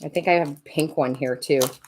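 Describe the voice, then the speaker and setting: A woman's voice: deep voice, brisk, a little mellow, slight background noise. A woman hosting a live tarot stream, chatting casually, laughing often and greeting viewers by name.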